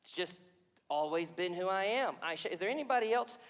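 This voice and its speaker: A man preaching in a church with a high, bright voice, retelling scripture in an animated way. Personal confessions and questions to the congregation break into the story. His words echo through a large sanctuary with long reverb. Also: brisk. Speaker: pastor. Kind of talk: sermon.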